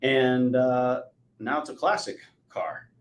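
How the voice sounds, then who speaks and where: A man in his forties hosting a podcast interview, telling stories with lively energy. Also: medium pitch, takes it slowly. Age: 40s. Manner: animated storyteller, acts out quotes. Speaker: podcast host. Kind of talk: conversational interview. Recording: echoey room.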